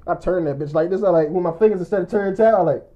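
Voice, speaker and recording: A man's voice: high-pitched, rapid-fire, mellow. A young man telling a long, rambling story in casual chat, often breaking into laughter. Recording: muffled lo-fi recording.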